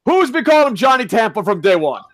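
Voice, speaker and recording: A man co-hosting a casual podcast, ranting loudly with lots of swearing. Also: very high-pitched, big pitch swings, quick pace, dry recording. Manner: loud, profane ranting. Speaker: podcast co-host.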